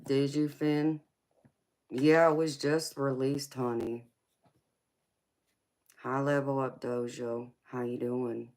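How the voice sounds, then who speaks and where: A woman's voice: extremely low pitch, flat delivery, slow, pauses often, darkish tone. A woman, tired from little sleep, hosting a tarot livestream and talking affectionately with viewers, calling them honey and girlfriend. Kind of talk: casual livestream chat.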